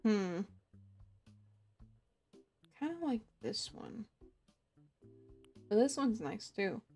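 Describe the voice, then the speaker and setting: Brief: young woman game streamer, higher voice, chatty and giggly, faint game music behind. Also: lively intonation, very slow, dark tone, slightly rough. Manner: giggly, chatty, laughs often. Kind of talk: casual live-stream chat.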